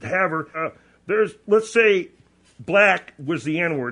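High-voiced man chatting on radio. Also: animated, unhurried, pushed and bright. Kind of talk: casual talk radio chat.

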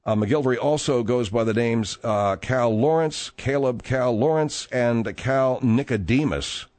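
A man's voice: medium pitch, unhurried, a little mellow, no echo. A man hosting a talk radio show, reading news with wry, offhand remarks.

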